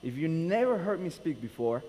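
A man's voice: on the high side, big pitch swings, moderate pace, mellow. A man with a Nicaraguan Spanish accent, a pastor who welcomes his congregation, prays and opens a sermon in a casual, joking way. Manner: informal, joking, self-deprecating. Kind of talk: friendly church welcome and sermon. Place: church sanctuary. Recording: echoey church hall with faint hum.

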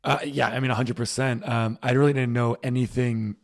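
A man's voice: medium pitch, fairly even intonation, gravelly. Easygoing man from Rhode Island. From Rhode Island, United States. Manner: quick, agreeable, uses fillers like um and you know. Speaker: podcast guest. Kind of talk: casual chat.

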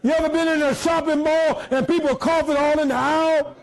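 Very high-voiced shouting preacher man. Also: fairly even intonation, a little fast, poor audio. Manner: shouting preacher, calls out to congregation; folksy, joking asides. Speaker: pastor. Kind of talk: sermon.

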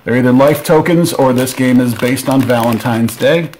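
Excitable man unboxing a board game. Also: mid-range voice, moderate pace, slight background noise. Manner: excitable, joking asides. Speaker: board game channel host. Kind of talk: casual unboxing commentary.

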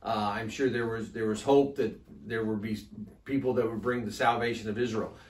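A man's voice: lowish voice, steady tone, a little fast. A man co-leading a church Bible study, reflecting aloud and often starting his thoughts with a repeated "I think". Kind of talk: conversational Bible teaching. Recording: echoey room, distant mic.

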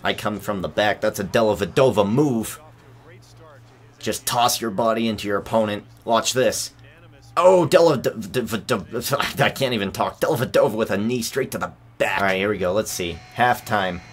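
A young man commentating his own basketball video game, excitable, often bursting into yells and laughter. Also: fairly low pitch, moderate pace.

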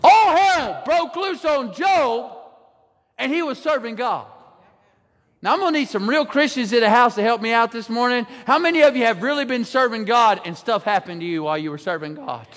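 Animated high-voiced preacher, reverberant. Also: male voice. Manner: animated, shouts lines for emphasis, stretches words slowly. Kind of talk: sermon. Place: church sanctuary.

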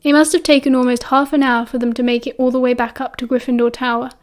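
High-voiced British woman reading aloud. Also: flat delivery, fast talker. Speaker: audiobook narrator. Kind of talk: audiobook narration.

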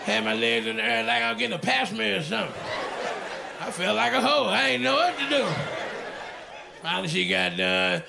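A man performing crude, animated stand-up comedy on stage, shouting punchlines before a live audience. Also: high voice, a little fast, vocal fry, pauses often, noisy background. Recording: live stand-up with crowd laughter.

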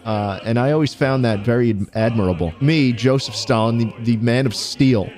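A man giving profane, excitable let's-play commentary, often yelping and laughing. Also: medium pitch, normal speed, soft background music. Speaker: gaming YouTuber.

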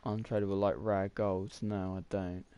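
A man's voice: low voice, flat delivery, moderate pace, dark tone, clear, resonant tone. A young man, rambling through casual gameplay commentary while thinking aloud with lots of fillers. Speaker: gaming YouTuber.

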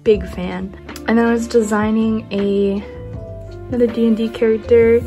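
Raspy late-teen woman, hushed rambling vlog chat at home, faint music behind. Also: on the high side, flat delivery, normal speed. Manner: quiet, hushed, rambling with fillers. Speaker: art vlogger. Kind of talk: casual sketchbook tour chat. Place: at home indoors.

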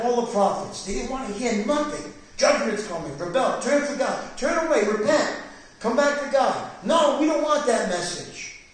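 A male pastor delivers a Bible study sermon with fervent, rising emphasis in a voice that sits high for a man. The recording is distant, in a very echoey church hall.

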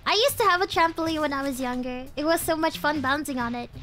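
A woman's voice: high voice, fast, fairly bright tone. A young woman streaming a game live, giggly and playful, with lots of slang, laughing often at what happens on screen.

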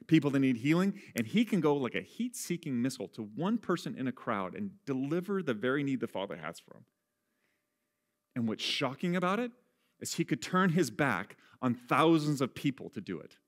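A man gives a sermon as a pastor with a slightly high, sing-song voice at normal speed. Self-deprecating and chatty, he laughs at himself often and shifts from quiet, hushed delivery to raised, loud moments.

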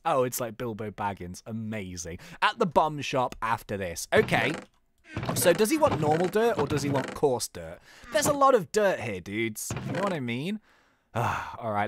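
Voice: medium pitch, no echo, studio quality. A video game host giving chatty, self-mocking let's play commentary with lots of laughs.

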